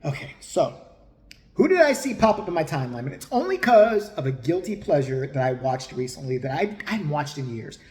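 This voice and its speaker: A man's voice: on the high side, sing-song, brisk, darkish tone. A man giving crude, mocking comedic commentary in a profane ranting style. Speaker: host. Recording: roomy echo.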